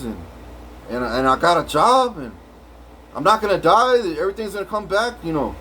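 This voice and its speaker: Rambling profane man, somewhat high voice. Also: sharp tone, a little hiss or hum, rough recording. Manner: rambling, profane, many restarts. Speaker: vlogger. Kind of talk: rambling dream story.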